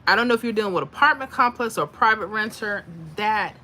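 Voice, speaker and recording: There's a little hiss or hum behind this woman's lowish, sharp-toned voice, which moves fairly quick with few pauses. Hosting a chatty livestream of lottery picks, she reads viewer comments aloud, responds to them, and slips in emotional asides.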